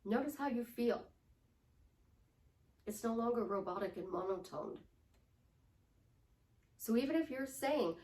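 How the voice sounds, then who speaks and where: A middle-aged woman life coach talks her listeners through a coaching lesson, slipping into little acted-out voices to make her point. Her voice sits a bit high for a woman. It is captured from some way off the mic, in a room with a noticeable echo. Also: normal speed, pauses often. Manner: animated, acts out affirmations in different tones. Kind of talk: coaching monologue. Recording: roomy sound from a distant mic.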